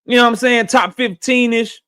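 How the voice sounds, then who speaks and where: A man's voice: very high-pitched, fairly even intonation, a little fast, pushed and bright, smooth. A young man hosting a boxing talk show, blunt and profane, repeating lines for emphasis. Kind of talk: casual opinionated commentary.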